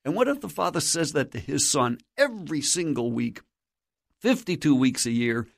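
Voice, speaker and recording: A man delivers sermon-style teaching as a radio guest, urging his listeners on with earnest conviction. His voice carries a steady gravelly texture. It sits close and dry against the microphone, with no room sound around it. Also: mid-range voice, no echo. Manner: earnest, exhorting, preacherly. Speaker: guest speaker on Christian radio.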